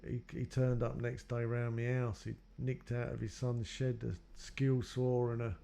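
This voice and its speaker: A man's voice: mid-range voice, flat delivery, moderate pace, gravelly, mellow. A man telling his own life story in a loose, rambling way, acting out what others said to him. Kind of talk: personal storytelling.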